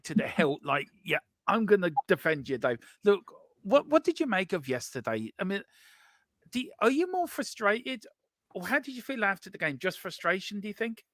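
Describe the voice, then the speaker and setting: A man co-hosting a live fan stream, animated and opinionated as he questions guests. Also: fairly high pitch, dry recording, clean studio sound.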